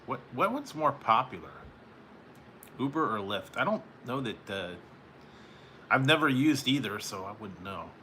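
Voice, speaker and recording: A man from California hosts a live stream and chats loosely with his viewers, wandering from thought to thought and chuckling between remarks. His voice has a bright, sharp edge at an ordinary middle pitch. A faint hiss of noise sits under the recording. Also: big pitch swings, measured pace, pauses often. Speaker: live-stream host reading chat. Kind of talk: casual chat with viewers.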